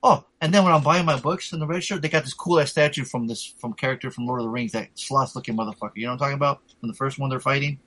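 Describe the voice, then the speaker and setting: A man's voice: mid-range voice, racing, hardly any pauses, a bit bright, dry recording, rough recording. A man telling a rambling, profanity-laced story in casual chat, full of fillers.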